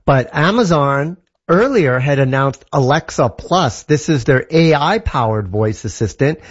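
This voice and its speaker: A man's voice: mid-range voice, lively intonation, a little slow, slightly rough, highs cut off. A man from Canada explaining a tech product in an enthusiastic, casual way, with lots of examples and fillers. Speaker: tech guest.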